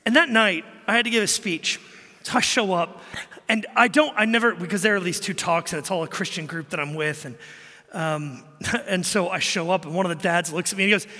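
A male pastor delivers a sermon with an animated, storytelling delivery, acting out quoted exchanges. His voice is high and very bright, and it rings with a long hall reverb. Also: fairly quick.

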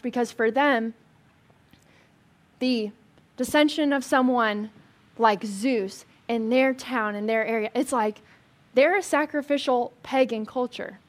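Speaking at a measured pace, a woman leads a group in front of her through a relaxed Bible lesson, her voice somewhat high. Her delivery is animated and conversational, packed with "like" fillers, and she slips in funny remarks as she unpacks the passage.

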